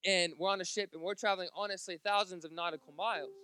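A pastor preaches at a church service over music, his high-pitched voice fast and steady in tone. He jokes and chats, talking straight to the congregation.

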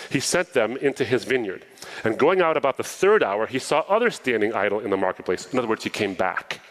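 A man's voice: lowish voice, fast talker, low-quality recording. A man preaching a sermon, reading a parable aloud and breaking off into casual asides to explain it. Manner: animated storytelling, reading scripture with asides.

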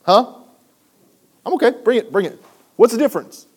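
A man's voice: very high-pitched, big pitch swings, normal speed, breathy edge. A man preaching a sermon, building emphasis and checking in with the congregation. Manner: preaching with rising emphasis and frequent "right?" asides. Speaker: pastor.

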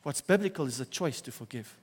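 Pastor preaching in a reverberant hall. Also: male voice, medium pitch, fast talker, husky. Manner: animated preaching that swings from loud emphasis to quiet, soft asides. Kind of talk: sermon. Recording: church hall with long reverb.

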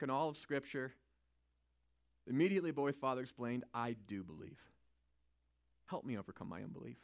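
A man teaching from the Bible in a relaxed, conversational way, his voice sitting a little high for a man. He swings from quiet asides to loud, emphatic lines and keeps checking in with his listeners. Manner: informal, checks in with "right?".

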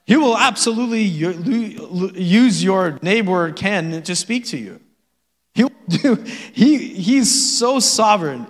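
Joking pastor in a reverberant church. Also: male voice, high-pitched, fairly bright tone. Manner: conversational and joking, with frequent laughs and "amen?". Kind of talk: sermon. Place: church sanctuary.

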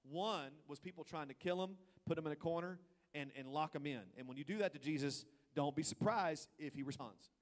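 Preaching as pastor, this man has a slightly high voice and a brisk delivery. His sermon moves from hushed side remarks to booming emphasis, and he acts out people's thoughts in teasing quoted voices.

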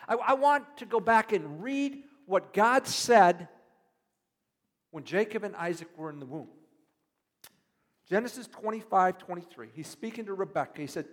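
A male pastor giving a sermon, reading verses and then putting pointed questions to the listeners, going from hushed asides to loud emphatic preaching. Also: high-pitched, expressive, normal speed, long pauses. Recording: reverberant hall.

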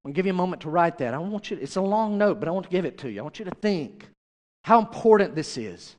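A man's voice: high-pitched, lively intonation, quick pace, long reverb tail. A male pastor preaching a sermon, chatty and direct, often turning to the congregation with questions.

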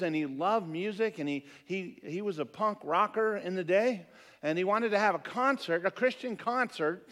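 Middle-aged male pastor, slightly higher voice, animated storyteller who acts out quotes and murmurs asides. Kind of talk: sermon with storytelling.

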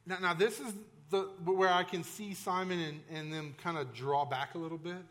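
A man's voice: sits high, fairly even intonation, moderate pace, a bit bright. A male pastor preaching a sermon in a conversational, emphatic way, with frequent restarts and asides to the congregation.

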